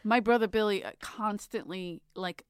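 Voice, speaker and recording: A woman's voice: medium pitch, normal speed, clean tone, no echo. A woman hosting a podcast in a studio, chatty, telling stories and swearing casually. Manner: chatty, storytelling, profane. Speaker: podcast host.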